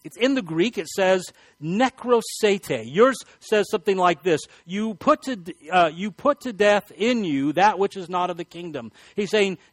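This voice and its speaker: Male preacher, high-pitched, emphatic sermon delivery, dry booth-like sound. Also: lively intonation, unhurried, hardly any pauses, dry recording. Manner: emphatic, rising to shouted commands. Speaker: pastor.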